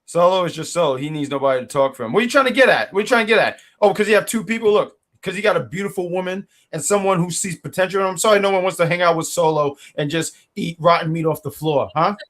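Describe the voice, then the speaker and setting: High-voiced and fast, barely pausing, a man with a somewhat bright tone co-hosts a wrestling review podcast from home. The chat is casual, and he hams it up as the heel with playful trash talk.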